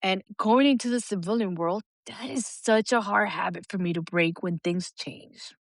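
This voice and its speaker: A woman's voice: mid-range voice, normal speed, no room sound, studio quality. Candid, profane woman podcast host. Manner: candid, profane, animated when quoting others. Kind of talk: casual podcast chat.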